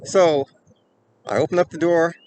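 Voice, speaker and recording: A man hosting a self-defense channel, telling a personal story in an earnest way and growing animated, often checking in with "okay" and "right". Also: on the high side, moderate pace, slight background noise. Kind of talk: storytelling to camera.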